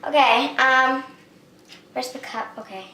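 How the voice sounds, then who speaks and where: A woman hosting a slime-making vlog at home, talking excitedly and often squealing and shrieking. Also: high voice, unhurried, echoey room, slight background noise. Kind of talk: excited hands-on vlog narration. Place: home bathroom and table.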